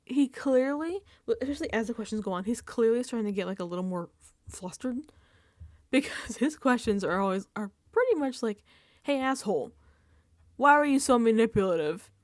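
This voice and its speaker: A woman hosting a casual reality TV recap vlog, animated and emphatic, dropping into whispered asides and swearing casually. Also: a little high, fairly quick, dry recording, clean studio sound.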